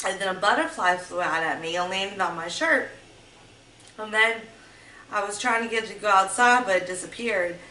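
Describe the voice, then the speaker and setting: A woman's voice: mid-range voice, normal speed, pushed and bright. A woman telling personal stories in a vlog, rambling and meandering, often restarting her sentences. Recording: roomy echo, mic at a distance, faint background noise.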